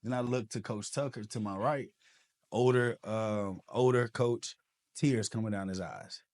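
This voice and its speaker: A man with a fairly low voice sits as a podcast guest and recounts his own life story. He tells it with lots of energy and jumps into the voices of the people he quotes. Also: a little slow. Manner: animated, acts out quoted dialogue. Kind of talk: personal storytelling.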